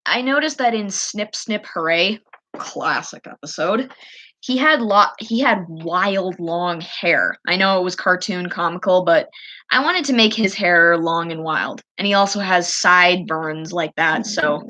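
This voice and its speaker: A woman's voice: on the low side, a little slow, sharp tone, rough recording. Chatty woman gushing over her drawings. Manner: chatty, gushing, fond of cute things. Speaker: streamer showing her artwork. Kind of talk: casual rambling chat.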